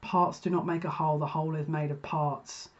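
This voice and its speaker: A psychic reader chatting her way through a card reading, voice sitting mid-pitch and the recording a little dull and lo-fi. She rambles, restarts phrases and interrupts herself as thoughts arrive. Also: flat delivery, fairly quick. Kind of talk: casual intuitive card reading for viewers.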